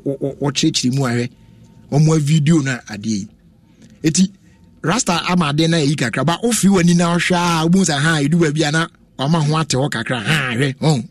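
Brief: young Ghanaian man, radio talk host, animated and casual, fairly high voice, dry close mic. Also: no room sound. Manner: animated, switching between languages, with laughs and exclamations.

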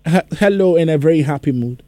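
A man's voice: on the high side, quick pace, mellow, no room sound, studio quality. A man hosting a call-in radio show, playful and teasing with callers, sometimes singing the station's phone number. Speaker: radio host.

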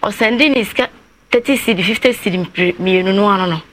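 A woman's voice: medium pitch, fairly quick, a little hiss or hum. Woman recounting a family story. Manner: long, winding telling that acts out others' words in quotes. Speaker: guest telling her story. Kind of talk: personal account on a talk show.

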